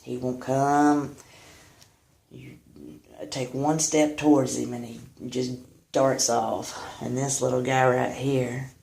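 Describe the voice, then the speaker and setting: A woman rescuing cats, talking to them in soft cooing baby talk that is often whispered, recorded in an upstairs bathroom. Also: extremely low pitch, little pitch movement, slow pace, creaky, reverberant. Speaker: cat rescuer. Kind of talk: casual vlog, talking to cats.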